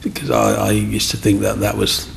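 A middle-aged man recounts his past as an interview guest. His voice is heavily gravelly. He talks in a chatty, lively way and acts out other people's lines. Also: on the low side, normal speed, a little hiss or hum. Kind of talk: personal storytelling.

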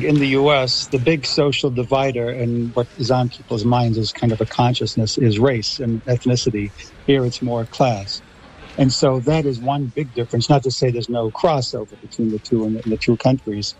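A man with an American accent, from Los Angeles, making measured, lecturing points as a radio panel guest. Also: mid-range voice, fairly even intonation, darkish tone, slight background noise, low-quality recording. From Los Angeles, USA. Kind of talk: radio discussion.

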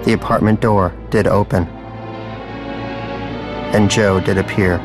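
A man reading a story aloud in a dry, deadpan narrating style. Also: fairly low pitch, a little slow, over music. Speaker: audiobook narrator. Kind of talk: scripted narration.

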